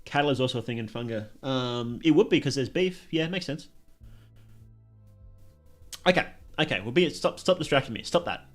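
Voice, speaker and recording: A man's voice: mid-range voice, normal speed, pauses often, soft background music. A young man with an Australian accent, chatting casually with his live stream chat and laughing often.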